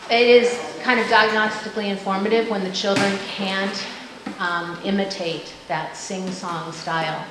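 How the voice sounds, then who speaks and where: A woman presenting a parent education workshop, leading the audience in lively counting and chanting drills between explanations. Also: mid-range voice, a little slow. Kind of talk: parent education talk with group exercises. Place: large school hall with an audience. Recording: echoey hall with background noise.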